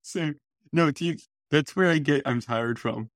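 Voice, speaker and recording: A man co-hosting a casual podcast chat in a laid-back, wry, deadpan way. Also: a little high, moderate pace, no echo, studio quality. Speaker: podcast co-host.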